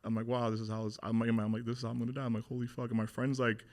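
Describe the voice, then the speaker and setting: A man's voice: medium pitch, completely flat delivery, rapid-fire, a little mellow. A man in his thirties telling his story as an interview guest, blunt and swearing often, acting out what people said. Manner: blunt, swears a lot, acts out quotes.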